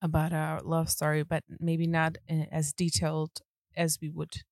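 Chatty, excited woman, low voice. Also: normal speed, gravelly, dry recording, clean studio sound. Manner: excited, chatty, laughs a lot. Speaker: podcast co-host. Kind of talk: casual chat. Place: bed in a caravan.

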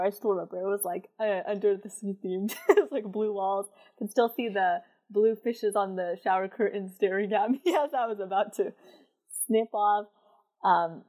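A woman's voice: mid-range voice, darkish tone. A young woman telling a personal story in casual chat, with lots of fillers and frequent laughter.

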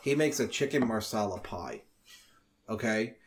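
Profane, animated male podcast host. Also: lowish voice, a little slow. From New York area. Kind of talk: casual chat.

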